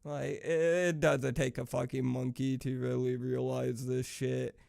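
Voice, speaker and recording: A man's voice: medium pitch, little pitch movement, measured pace, creaky, a little mellow. A young man vlogger ranting casually, profane and rambling with lots of fillers. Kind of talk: casual rant.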